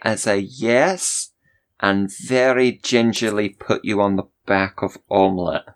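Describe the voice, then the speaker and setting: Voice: sits low, measured pace. A player in a tabletop role-playing game, giggly and describing their character's moves. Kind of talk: tabletop role-play chat.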